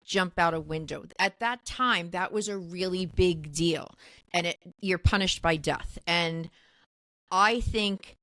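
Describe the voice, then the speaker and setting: A woman's voice: fairly low pitch, slow pace, a bit bright, no echo. Gushing woman podcast co-host. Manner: emotional, gushing. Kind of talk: casual chat.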